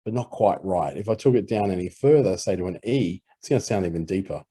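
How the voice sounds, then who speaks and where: Male tutor with an Australian accent, relaxed walkthrough, low and husky. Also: quick pace. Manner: relaxed explanatory talk with fillers. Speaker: audio editing instructor. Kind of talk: screen-recorded software tutorial.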